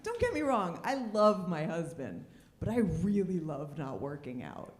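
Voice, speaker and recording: A woman's voice: on the low side, sing-song, a little slow. Sardonic woman comic in a roomy club. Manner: sardonic, dry punchlines. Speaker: stand-up comedian. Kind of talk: stand-up comedy set. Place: comedy club stage.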